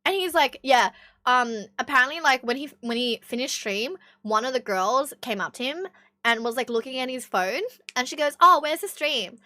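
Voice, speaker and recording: A woman's voice: fairly high pitch, lively intonation, moderate pace, sharp tone, no echo. Chatty Aussie woman streamer. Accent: Australian. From Australia. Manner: chatty and blunt, swears often. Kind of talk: casual chat with stream viewers.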